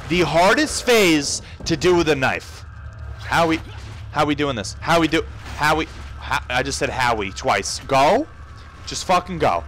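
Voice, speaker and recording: A man's voice: mid-range voice, very animated, moderate pace, slight background noise. A young man commentating a video game, frantic and profane, swearing and yelping as he plays. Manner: frantic, swearing, yelps and shouts. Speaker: gameplay commentator. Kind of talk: profane let's-play commentary.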